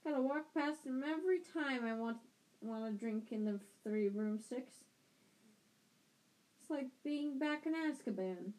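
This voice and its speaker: A sorrowful giant of a gamekeeper, as a woman reader puts him on, speaking in slow, heavy, mournful words. The voice sits fairly high for such a big man, and it trails off with grief. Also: darkish tone, rough recording. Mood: gloomy.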